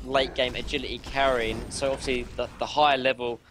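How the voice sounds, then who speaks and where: A hoarse young man breaks down a live esports match at a mid pitch, his analysis loose and full of fillers. Noticeable background noise runs under the stream audio. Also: flat delivery, a little fast. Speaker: color commentator.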